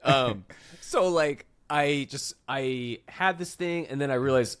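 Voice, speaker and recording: A man's voice: mid-range voice, a little slow, smooth, no room sound, clean studio sound. A man hosting a casual podcast, telling a story animatedly and laughing often while acting out other people's lines. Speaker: podcast host and touring musician.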